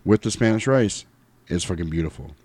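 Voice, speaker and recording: A man hosting a podcast in a loose, casual chat, an animated storyteller who swears freely. His voice sits low, and his microphone sound is dry and close, with no room echo. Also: fairly quick. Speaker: podcast host.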